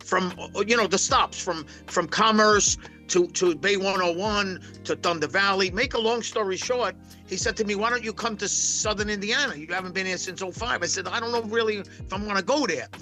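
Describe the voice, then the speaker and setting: A man, a poker pro guest, telling stories on a podcast in a quick, blunt, brash way and swearing freely. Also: sits high, sharp tone, faint music behind. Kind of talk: casual podcast storytelling.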